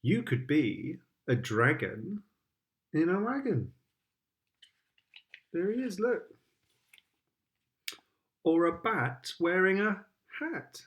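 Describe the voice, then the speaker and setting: Slow sing-song British dad reading aloud. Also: male voice, high voice, sing-song. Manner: playful, with sound effects. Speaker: father reading to his child. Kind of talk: reading picture books aloud.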